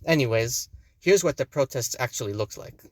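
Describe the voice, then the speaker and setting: A man's voice: medium pitch, animated, normal speed, dry recording. A young man giving scripted commentary, pointed and with sarcastic asides. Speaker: video commentator.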